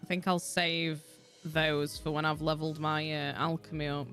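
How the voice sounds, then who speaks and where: A young woman from Yorkshire, England, chats casually on a gaming livestream, rambling, swearing freely and laughing a lot. She speaks in a low voice with little pitch movement at a moderate pace, over soft background music.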